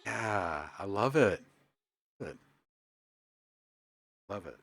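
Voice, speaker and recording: A man's voice: on the low side, very slow, vocal fry. A man hosting a live music-production stream, talking casually and enthusiastically while he works and reads out chat comments. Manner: relaxed, enthusiastic, reads chat aloud, thinks out loud. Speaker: livestream host and music producer.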